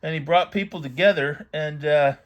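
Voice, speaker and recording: Middle-aged male host with a slightly high voice, reminiscing in loose, rambling commentary. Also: normal speed, dull audio. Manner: rambling, reminiscing, thinking aloud. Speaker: vintage magazine collector channel host. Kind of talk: casual commentary while reading a magazine aloud.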